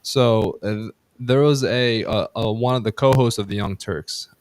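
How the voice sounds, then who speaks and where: A man's voice: fairly low pitch, a little slow, darkish tone, no echo. Man, podcast host, heated casual rant, profane, frequent restarts, dry close sound. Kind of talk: casual political chat.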